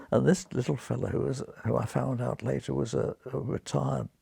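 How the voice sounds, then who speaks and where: Gravelly old British man telling stories. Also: medium pitch, a little fast, few pauses, no room sound. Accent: British English. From Britain. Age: 90s. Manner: lively raconteur, acts out quoted voices, chuckles. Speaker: retired surgeon, guest. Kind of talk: anecdotal storytelling in an interview.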